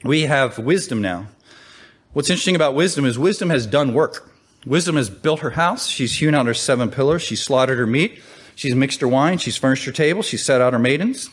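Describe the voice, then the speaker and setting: A man preaching a sermon, conversational and animated, often asking the listeners questions and rising in pitch to stress quoted calls. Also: brisk, slightly rough.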